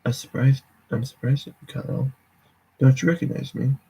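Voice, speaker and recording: A man voicing a rotting zombie with a dry, coarse croak and deadpan sarcasm. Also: mid-range voice, moderate pace, low-quality recording. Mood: deadpan sarcastic.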